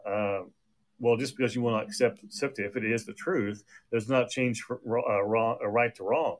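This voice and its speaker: A man's voice: mid-range voice, fairly even intonation, moderate pace. Man preaching a conversational sermon. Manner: conversational with frequent restarts and fillers. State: occasional coughing.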